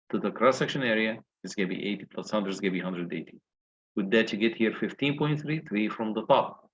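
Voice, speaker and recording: Husky, low-voiced man lecturing step by step. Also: muffled recording. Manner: explains step by step, asking the class questions. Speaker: engineering lecturer. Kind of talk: recorded lecture walkthrough.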